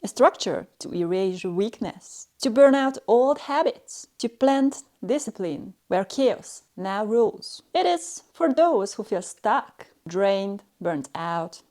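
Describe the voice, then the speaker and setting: A woman teaching a language in a stern, cold, condescending manner, speaking in slow, clipped phrases with pauses between them. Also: mid-range voice, animated, a little mellow. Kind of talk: scripted lesson narration.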